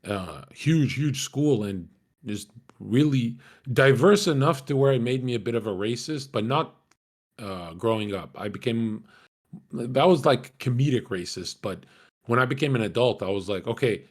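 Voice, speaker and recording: A young man talks through his own memories in a loose, unscripted way, swearing freely and breaking into laughter. His voice sits at an ordinary middle pitch for a man. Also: lively intonation, moderate pace. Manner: casual, swearing, laughing often. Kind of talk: candid personal storytelling.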